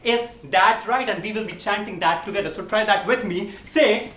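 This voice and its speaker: A man's voice: high voice, normal speed, a bit bright. A man hosting a live comedy game show on stage, with playful, teasing crowd work. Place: stage in front of a live audience. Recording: roomy echo, far from the mic, audience noise.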